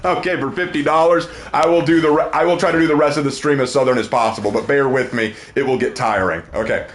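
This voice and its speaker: A man's voice: medium pitch, fairly even intonation, fast, hardly any pauses, slight background noise. A man chatting casually on a gaming livestream, loose and jokey as he reacts to viewers.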